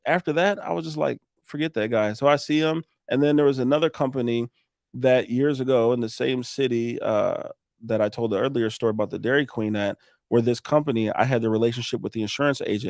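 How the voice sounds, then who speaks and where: Gravelly man telling a blunt story. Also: mid-range voice, no room sound, studio quality. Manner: animated storyteller acting out quoted dialogue, blunt, swears. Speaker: roofing contractor guest. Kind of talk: casual storytelling on a podcast.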